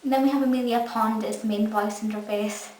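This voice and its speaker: A woman's voice: on the high side, steady tone, fairly quick, a little mellow. A young Scottish woman gushing through a casual episode review. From Scotland. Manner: enthusiastic, gushing. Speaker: fan reviewer. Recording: echoey room, mic far off, faint hiss.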